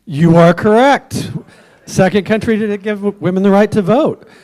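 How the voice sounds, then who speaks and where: A man's voice: high-pitched, normal speed, darkish tone. A man hosting a trivia quiz at a club meeting, joking with the tables and offering hints for a dollar.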